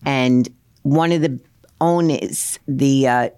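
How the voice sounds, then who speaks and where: A woman's voice: very deep voice, slow pace, mellow, clean tone, dry recording, clean studio sound. A woman in casual chat, agreeing readily and speaking frankly and bluntly. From United States.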